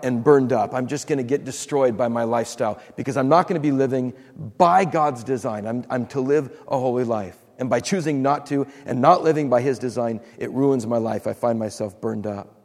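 A man's voice: mid-range voice, a little mellow, in a large hall. A man preaching a sermon as pastor, acting out quotes and repeating words for emphasis.

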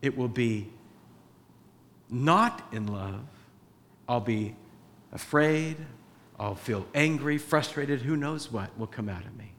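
A man's voice: medium pitch, slow pace, long pauses, fairly bright tone. Guy giving a chatty sermon in a church, voice rings out with a long echo, acts out bits of dialogue. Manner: conversational, acts out dialogue with his wife. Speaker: pastor. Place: church with a sound booth. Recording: reverberant church hall.

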